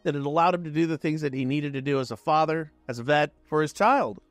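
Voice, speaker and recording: High-voiced man telling a story. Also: quick pace, dry recording, faint music behind. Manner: conversational, animated retelling with quoted dialogue. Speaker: real estate show host. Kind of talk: casual storytelling monologue.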